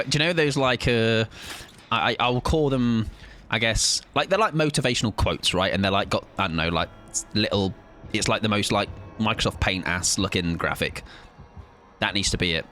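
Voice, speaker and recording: A man's voice: low-pitched, pushed and bright, slight background noise. A young man chatting playfully and joking as he streams a game. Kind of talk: casual live-stream gaming chat.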